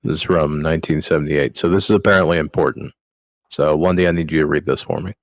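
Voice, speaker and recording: A man's voice: rumbling low, steady tone, fast talker, no room sound. A man hosting a podcast, chatting casually and crudely, bossing his co-hosts around. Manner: crude, joking, bossy with co-hosts. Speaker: podcast host. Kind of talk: casual comedic chat.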